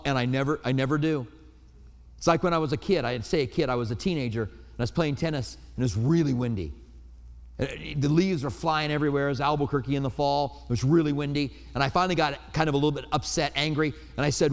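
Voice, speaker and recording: A man's voice: fairly high pitch, fast. A man preaching a sermon in an earnest, storytelling way, with personal anecdotes. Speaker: pastor. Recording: reverberant hall.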